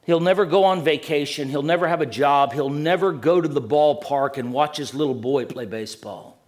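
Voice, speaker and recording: Earnest preacher man, voice falling low. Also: moderate pace. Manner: earnest, repeats words when building a point; drops low and quiet at the ends of phrases. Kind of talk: sermon.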